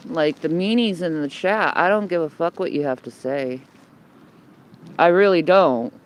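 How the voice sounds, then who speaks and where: A woman's voice: deep voice, a little slow, a little hiss or hum. A woman livestreaming on her phone from outdoors under a building, ranting bluntly and swearing heavily, repeating herself as she rambles. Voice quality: heavy swearing, blunt and combative. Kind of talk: homeless livestream rant. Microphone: phone held by the speaker.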